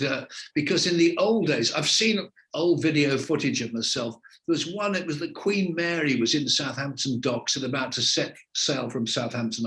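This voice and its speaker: An older man from England, a veteran TV presenter, answering interview questions in relaxed, anecdotal storytelling. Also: mid-range voice.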